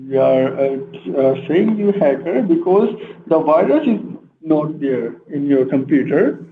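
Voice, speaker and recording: A man's voice: a little high, animated, a little slow. A man on a phone call posing as a support worker, hesitant and full of fillers. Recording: tinny phone line with faint noise.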